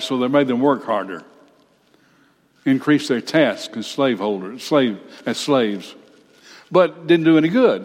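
Older guy preaching, folksy blunt asides, mid-pitched voice, long hall reverb. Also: expressive, measured pace, long pauses. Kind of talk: sermon with scripture reading.

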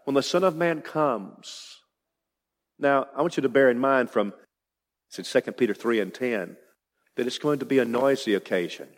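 A man's voice: medium pitch, normal speed, pauses often, big-room sound. A man preaching an expository sermon, emphatic and building to rising declarations.

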